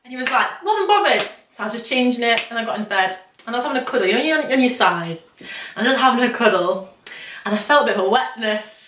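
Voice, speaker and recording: A woman's voice: fairly high pitch, quick pace, fairly bright tone. A young woman hosting her own video, telling stories animatedly and acting out scenes with lots of laughter. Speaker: vlogger host. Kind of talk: casual chat, storytelling. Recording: echoey room, mic at a distance.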